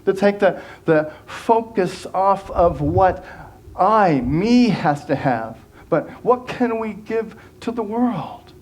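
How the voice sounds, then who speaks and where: A man's voice: high voice, expressive, takes it slowly, darkish tone. A man giving a sermon as minister, earnest and conversational, often restarting phrases and acting out quoted voices.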